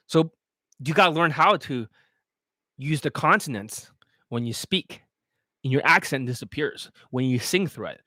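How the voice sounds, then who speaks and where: A man talking as a dating coach in a casual livestream, blunt, boastful and full of swearing as he pitches his products. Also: expressive, normal speed, a bit bright, no echo, clean studio sound.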